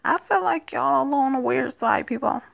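A woman's voice: high voice, animated, a little fast, vocal fry. A woman giving casual, joking commentary over a story game, with profane asides. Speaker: gaming channel host.

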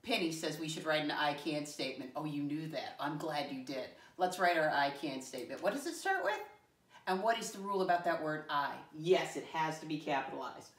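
Echoey, low-voiced woman teaching small children. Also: lively intonation. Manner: encouraging, slow and deliberate, spells words letter by letter. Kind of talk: classroom lesson for young children. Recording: echoey room from far off.

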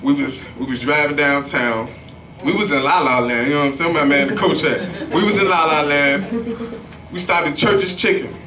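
At an open mic on a comedy club stage, a man performs stand-up with loose, profane stories. His voice is on the high side, steady and at normal speed, recorded from far off in an echoey room.

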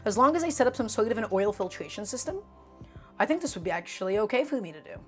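Brooklyn-accented woman streamer, R sounds don't land, higher voice, chatty with viewers, faint music underneath. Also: sing-song, quick pace, fairly bright tone. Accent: Brooklyn New York. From Brooklyn, New York. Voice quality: cannot pronounce R sounds. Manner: chatty, talks directly to viewers. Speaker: cooking streamer. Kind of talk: casual live cooking stream, chatting with viewers.

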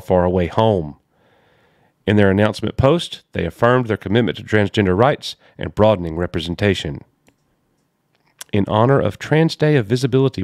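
A man's voice: on the low side, no echo, studio quality. A man hosting a commentary channel, reading a news article aloud and breaking in with sarcastic asides and sighs.

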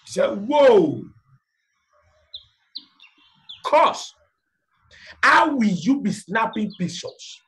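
A man's voice: high voice, big pitch swings, normal speed, bright, forceful tone. A man preaching a fiery sermon, repeating lines and firing off rhetorical questions.

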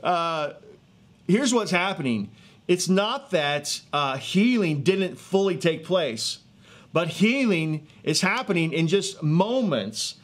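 Outdoors in a neighborhood, a street evangelist in his thirties or forties tells a healing testimony. He's earnest and excitable, with many fillers and restarts. His voice sits high and his pace is slow.

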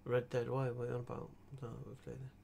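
Young ish guy streaming games, gravelly voice, rambles and trips over his words. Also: medium pitch, fast talker, a little hiss or hum. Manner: rambling, stammering restarts, animated bursts of laughter. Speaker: gaming streamer. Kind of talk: casual gaming chat.

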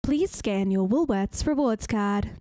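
A woman voicing a supermarket self-checkout machine in a flat, measured announcer tone. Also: medium pitch, no room sound, clean studio sound, voice pushed down, close to an everyday voice. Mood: prompting.

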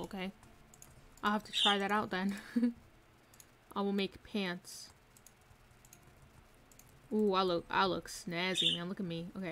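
A woman's voice: mid-range voice, a bit bright. A woman streaming a video game live, chatting casually, talking to herself and reading chat, often giggling. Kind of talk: casual live gameplay commentary. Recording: faint noise with mouse clicks and typing.

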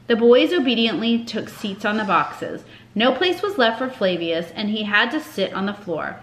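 A woman narrating a children's chapter book aloud with expressive storytelling. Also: medium pitch, moderate pace. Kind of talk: audiobook narration. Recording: echoey room.

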